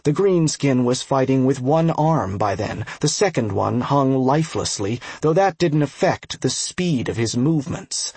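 A man narrating a fantasy game audiobook in a steady, measured reading. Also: medium pitch, slightly rough, no room sound. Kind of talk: scripted narration.

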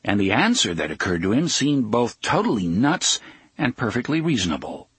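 A man narrates a story with a very husky, breathy voice, measured and unhurried, easing off the pace at tense moments. The sound is close and dry, with no room around it. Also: medium pitch, very animated, a bit bright, dry recording. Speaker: audiobook narrator. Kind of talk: scripted narration.

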